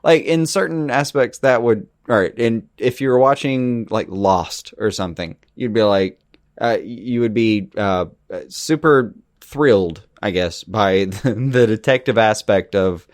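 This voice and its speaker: A man co-hosting a podcast, defending his view in a halting way with many restarts. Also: on the low side, no room sound, studio quality. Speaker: podcast co-host. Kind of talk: casual debate.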